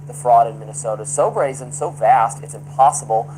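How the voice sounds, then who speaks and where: A male news reporter speaks at a middle pitch with a measured, formal newsreader delivery. The clip is played back, and a faint hum runs under his voice. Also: warm tone, low-quality recording.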